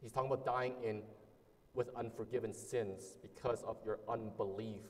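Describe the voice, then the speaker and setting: A man's voice: lowish voice, fairly even intonation, normal speed, a little mellow, big-room sound. A man preaching a sermon as a pastor, earnest and emphatic, repeating key words and sometimes restarting phrases.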